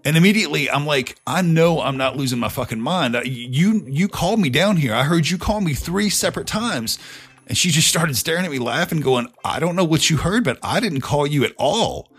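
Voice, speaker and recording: A man's voice: on the high side, animated, fairly quick, a bit bright, breathy edge. A middle-aged man hosting a podcast, telling a story in a casual, profane, conversational way. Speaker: podcast host.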